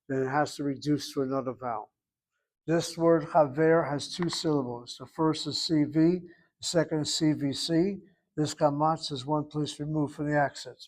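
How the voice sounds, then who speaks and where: A man teaching a Hebrew class, explaining vowels and grammar patiently and methodically, correcting students. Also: fairly high pitch. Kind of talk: online class instruction.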